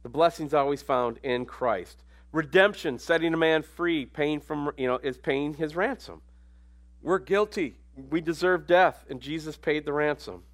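A man preaching a sermon in a conversational way, dropping to quiet asides and then rising into emphatic lines. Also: on the high side, a little slow.

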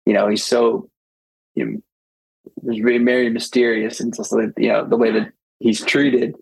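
A man with a gravelly, husky voice co-hosts a casual podcast chat. He rambles enthusiastically, restarting sentences and laughing as he talks. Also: medium pitch, normal speed, low-quality recording. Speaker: podcast co-host. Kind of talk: casual chat about a film.

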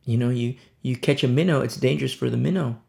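A male pastor with a gravelly, creaky voice at a mid pitch. He preaches in a loose, conversational way and drives his points home by repeating them. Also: fast talker, warm tone. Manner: conversational, repetitive emphasis. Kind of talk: sermon.

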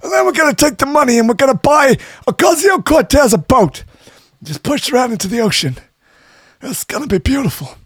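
A man putting on a fiery old male politician, shouting and ranting at a much higher pitch than his own voice. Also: expressive, brisk, breathy edge, no room sound, clean studio sound, exaggerated voice. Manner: bellowing, ranting.

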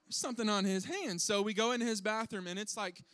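Animated high-voiced man telling a funny story. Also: fast, no room sound. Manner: animated, self-deprecating, acts out his kids' voices. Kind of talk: comedic storytelling to an audience.

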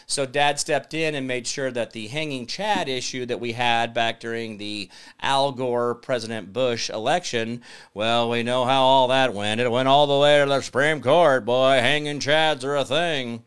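A male talk show host in casual political commentary, rambling and sarcastic. His pitch sits mid-range for a man, and he keeps reading comments aloud from his viewers. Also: unhurried, a bit bright, clear, resonant tone.

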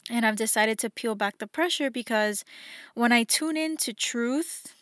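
Young woman podcasting solo, kinda high voice, dry close sound, earnest and encouraging. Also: unhurried, a bit bright, dry recording. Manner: earnest and encouraging, acts out her inner voices. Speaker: podcast host. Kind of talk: reflective solo podcast talk.

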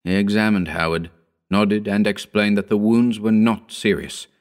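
A man reading a horror story aloud in scripted narration, measured and somber. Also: on the low side, steady tone. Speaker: audiobook narrator.

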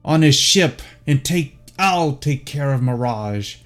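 A man voicing an enraged male militia leader who shouts bitter threats over a radio. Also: mid-range voice, animated, slow pace, soft background music. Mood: commanding.

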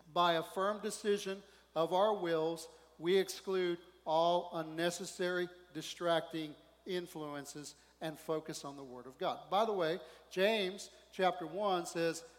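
A male pastor preaching a sermon in a conversational, animated way, often asking the congregation questions. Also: high voice. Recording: long hall reverb.

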